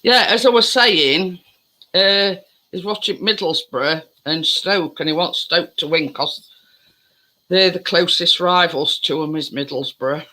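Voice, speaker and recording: A man's voice: high voice, measured pace, pushed and bright, rough recording. A man chatting in a rambling, easily distracted way as he bakes in his home kitchen. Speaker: home baking vlogger. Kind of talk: casual chat while baking.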